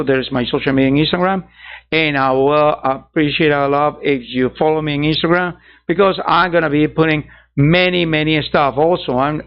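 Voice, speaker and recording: A man hosting a digital art channel, chatting casually to viewers in a rambling way, correcting himself and chuckling at his own asides. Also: fairly high pitch. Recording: dull lo-fi sound.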